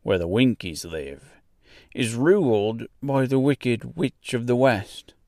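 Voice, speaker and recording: A man's voice: medium pitch, animated, a little mellow, no echo, studio quality. A man doing a grave little villager. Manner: slow, grave warnings. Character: small man from a far land, grave and earnest.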